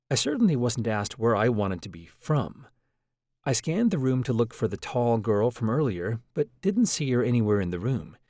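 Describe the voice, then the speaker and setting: A man reading an audiobook in a measured, reflective first-person narration. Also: medium pitch, mellow, no echo, studio quality.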